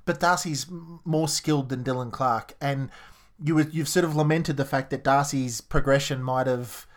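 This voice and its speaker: A man's voice: medium pitch, fairly even intonation, moderate pace. An Australian man co-hosting a podcast, talking sport in a chatty, rambling way and repeating his words as he goes. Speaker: podcast co-host. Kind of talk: casual sports chat.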